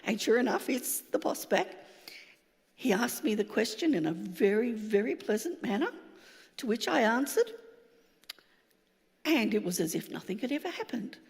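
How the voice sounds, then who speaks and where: Woman in her sixties, pastor, lively sermon storytelling, long reverb of a hall. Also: on the high side, normal speed, vocal fry, pauses often. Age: 60s. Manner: lively storyteller, acts out quoted dialogue.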